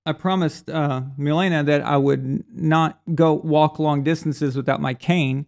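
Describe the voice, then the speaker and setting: A man's voice: fairly high pitch, fairly even intonation, measured pace, vocal fry. A middle-aged man hosting a live sports stream, chatting casually and telling rambling stories, acting out voices when he quotes people. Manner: casual, rambling storyteller with restarts; acts out voices in quoted speech. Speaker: sports show host. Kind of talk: live stream chat reading super chats.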